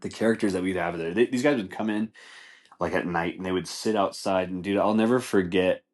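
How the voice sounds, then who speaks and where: Podcast host, young man, low voice, animated and profane storyteller. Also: fairly quick. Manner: animated, swears, says dude a lot. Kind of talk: casual storytelling.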